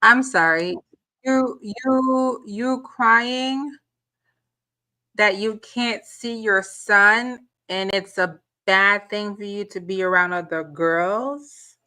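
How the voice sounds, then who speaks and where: A woman's voice: medium pitch, slow pace, sharp tone. A woman channel host giving reaction commentary, firing off incredulous rhetorical questions and repeating words as she gathers her point.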